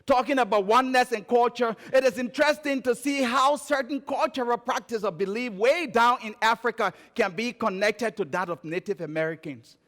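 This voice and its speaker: A man's voice: normal speed, few pauses. Liberian man preaching in an echoey church. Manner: storytelling, rising and falling between emphatic calls and quiet low phrases. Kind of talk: sermon. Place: church sanctuary. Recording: church sanctuary with long reverb.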